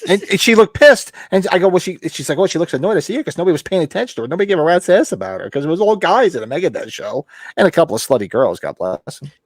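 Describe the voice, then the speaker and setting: Quick, animated middle-aged host who acts out every quote; slightly high voice. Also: male voice, no echo. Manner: animated anecdotes with acted-out quotes. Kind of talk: casual chat.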